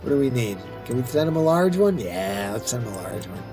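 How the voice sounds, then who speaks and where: Middle-aged male let's-play host, mid-pitched, rambling casual commentary, faint music behind. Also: sing-song, a little fast. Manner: rambling, chatty, talks to himself while playing.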